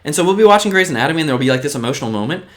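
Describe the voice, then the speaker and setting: A man's voice: a little high, animated, very fast. Earnest man talking to camera. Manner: earnest, keeps checking in with "right?". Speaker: vlogger. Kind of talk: casual motivational talk to camera.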